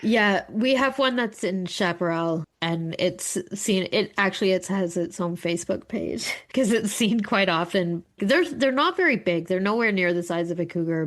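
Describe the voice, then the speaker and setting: A woman co-hosting a podcast, telling a story in casual chat with swearing and laughter. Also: on the low side. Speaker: podcast co-host.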